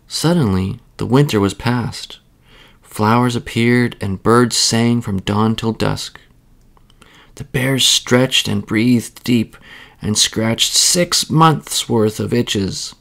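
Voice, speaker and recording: A male storyteller reading a children's bedtime tale aloud, soothing and even. He takes his time over every phrase, and his voice has a gravelly texture. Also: medium pitch.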